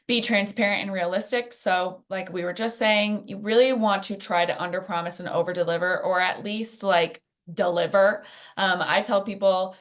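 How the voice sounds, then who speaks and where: A woman's voice: mid-range voice, fairly even intonation, moderate pace, a bit bright. A woman presenting a live workshop in a chatty, conversational way, full of fillers and asides. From Phoenix. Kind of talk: casual teaching in a live workshop.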